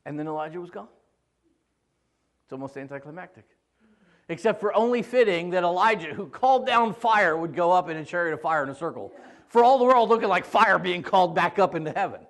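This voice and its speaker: A male pastor preaching a sermon, retelling scripture in an animated, joking way. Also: high voice, fairly quick, long pauses.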